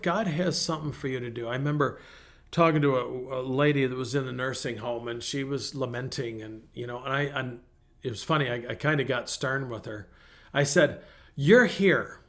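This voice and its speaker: A man's voice: medium pitch, a bit bright. A middle-aged male pastor preaching a conversational sermon, telling personal stories in a folksy way with frequent restarts.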